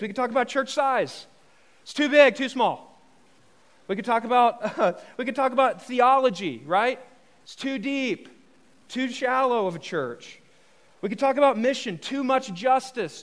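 A man's voice: high-pitched, a bit bright. A man preaching a live sermon as pastor, casual and joking, asking the congregation rhetorical questions. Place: church hall with a congregation.

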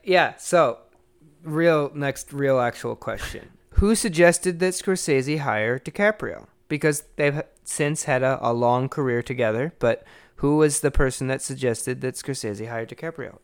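A man's voice: medium pitch, unhurried, clear, resonant tone. A man co-hosting a casual movie podcast, joking and reading out trivia questions. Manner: runs trivia quizzes, joking. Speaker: podcast co-host.

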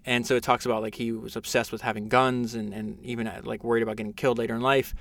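A man's voice: medium pitch, little pitch movement, quick pace, gravelly, fairly bright tone. A man hosting a casual podcast, summarizing a biography with enthusiasm, reading passages aloud with frequent fillers and restarts. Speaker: podcast host.

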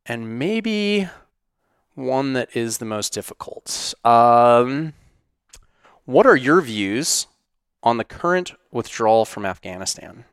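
A middle-aged man answers viewer questions in a casual, unscripted monologue. His talk is blunt, profane and animated. His voice sits in the middle range, and the studio sounds dry and close. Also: mid-range voice, slow, clean tone, no room sound. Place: home studio.

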